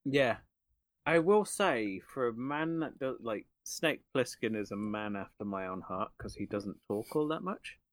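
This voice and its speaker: A man co-hosting a casual film review podcast, animated and quick to laugh. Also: medium pitch, dry recording. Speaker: podcast co-host.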